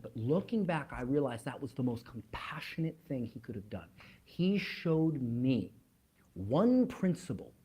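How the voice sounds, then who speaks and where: A man's voice: mid-range voice, a little mellow, slightly rough. A man speaking as a motivational speaker, telling a story to an online audience, emphatic and repeating words as he builds up, then dropping almost to a whisper. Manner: emphatic, with dramatic drops to near-whispers.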